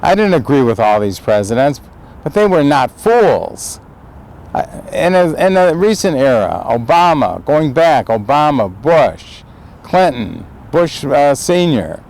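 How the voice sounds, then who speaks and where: A man's voice: a little high, a little mellow, poor audio. An older American man giving an impassioned, emphatic speech outdoors on a city street, recorded on a homemade handheld camera. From United States. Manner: impassioned, emphatic, repeats phrases. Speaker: citizen vlogger. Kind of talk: impromptu political speech. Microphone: handheld homemade video camera.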